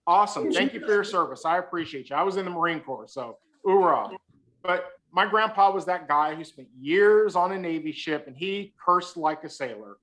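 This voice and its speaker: This time the man's high-pitched voice is animated, pushed and bright, moving at a moderate pace. As a guest speaker on a video call, he jokes, ribs the audience, and works his way through a story full of punchlines.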